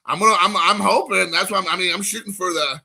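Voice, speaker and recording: Man in his forties, stream host, joking, rambling, high pitch, bright gravelly edge. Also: fast. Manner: joking, rambling, talks to chat viewers. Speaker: card-collecting show host. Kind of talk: casual live-stream chat, opening card packs.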